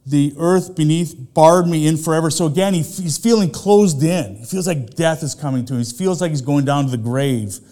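A man's voice: a little high, normal speed, hardly any pauses, warm tone. A middle-aged man, a pastor, preaching a sermon in a conversational way, full of rhetorical questions to the congregation.

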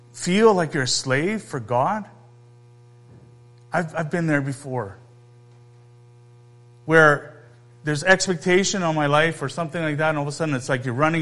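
A male pastor preaching a conversational sermon, emphatic, pausing and posing questions to his listeners. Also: a little high, fairly bright tone.

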